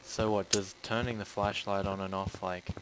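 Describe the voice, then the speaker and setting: A man's voice: sits low, flat delivery, moderate pace. A man giving casual commentary while he plays a horror game, chatty and swearing often. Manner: chatty, swears often, bursts into loud yelps when startled. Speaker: gaming channel host. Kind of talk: casual let's-play commentary. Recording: clear background noise.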